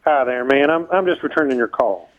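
A man's voice: medium pitch, animated, fairly quick. A man from an auto shop calling in on the phone, friendly and apologetic. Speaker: caller, auto shop worker. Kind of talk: phone call. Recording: tinny phone line.

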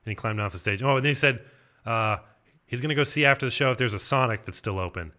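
Fast, bright-voiced rambling male storyteller. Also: mid-range voice. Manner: rambling, full of "like", deadpan. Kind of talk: improvised comedic anecdote.

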